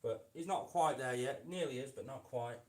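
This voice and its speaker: During a casual indoor live stream, a reptile keeper who hosts his own channel chats fondly with his pet lizard, calling it "mate" while working on its enclosure. His voice is mid-range, moderately paced and a little mellow, in an echoey room with faint noise.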